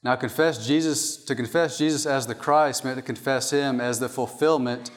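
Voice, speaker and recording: A man's voice: medium pitch, steady tone, normal speed. A man preaching a sermon from an outline, emphatic and repeating his key points. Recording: long hall reverb.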